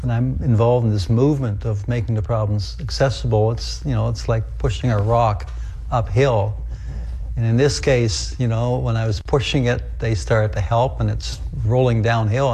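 Older man, gravelly voice, halting interview speech, restarts. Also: medium pitch, mellow. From Netherlands. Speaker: accessibility advocate in archived clip. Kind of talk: archived interview.

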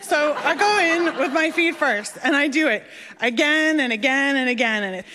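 A young woman telling a personal story on stage, animated and laughing, acting out the voices of others. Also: high-pitched, normal speed. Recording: long hall reverb.

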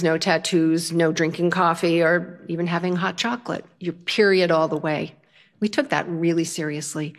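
An older woman telling a lively, self-mocking story. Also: on the low side. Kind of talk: storytelling performance.

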